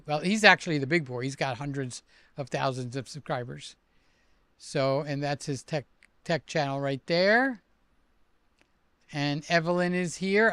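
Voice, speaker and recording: An older man hosting a casual livestream, chatty and excitable as he reads out comments and gives shout-outs. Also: a little high, moderate pace, clean tone, dry recording, studio quality. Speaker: livestream host.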